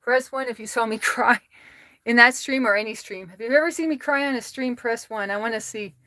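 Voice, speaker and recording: A woman's voice: a little high, a little fast, sharp tone, dry recording. An American woman livestreaming from home, chatting casually, reading viewer comments aloud and laughing often as she talks to her cats. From United States.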